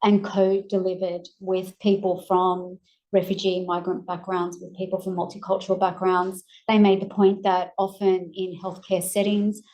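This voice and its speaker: A woman with an Australian accent presenting research findings in a measured way with frequent ums, her voice going hoarse. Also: on the low side, monotone, warm tone, highs cut off. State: losing her voice. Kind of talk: academic presentation.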